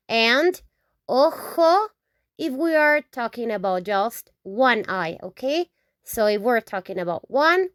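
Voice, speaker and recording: A woman from Mexico teaching vocabulary, saying each word slowly several times and checking in with "okay?". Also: fairly high pitch, dry recording, studio quality. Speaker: Spanish teacher. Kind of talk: slow, repetitive vocabulary lesson.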